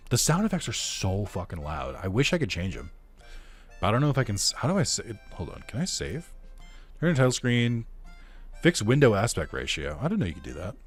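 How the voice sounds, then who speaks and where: A man's voice: lowish voice, huge pitch swings, a little fast, soft background music. Young male gaming host, offhand and sarcastic, swears freely. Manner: sarcastic, profane, offhand asides. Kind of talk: casual let's-play commentary.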